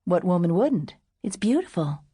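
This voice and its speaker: A bold, impatient young woman who teases her sweetheart and scoffs at convention, as a woman reader puts her on. The voice sits low and sounds close and dry. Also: moderate pace, breathy edge, no echo. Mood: wistful. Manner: teasing, impatient, lively.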